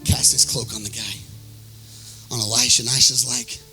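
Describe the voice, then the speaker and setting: A man preaching a sermon in a sing-song, chanting cadence, acting out voices from scripture and breaking into shouts. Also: medium pitch, flat delivery, normal speed, husky, faint music behind, rough recording. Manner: acts out biblical voices in quotes. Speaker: pastor.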